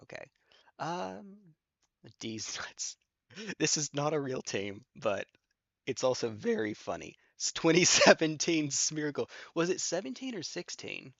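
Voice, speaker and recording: A man's voice: medium pitch, gravelly, a bit bright, no room sound, muffled recording. A man streaming online battles, joking and thinking aloud in casual commentary with lots of repeats.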